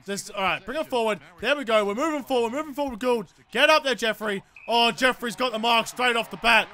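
A man's voice: extremely high pitch, brisk, sharp tone, a little hiss or hum. An Australian man giving live commentary while playing a football video game, ranting and swearing freely at how the match is going.

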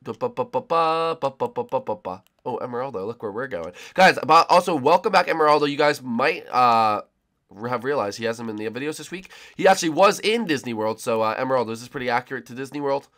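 Excitable young man narrating gameplay. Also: medium pitch, quick pace. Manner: excitable, jokey, talks to friends and viewers. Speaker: gaming channel host. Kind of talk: live Minecraft gameplay commentary.

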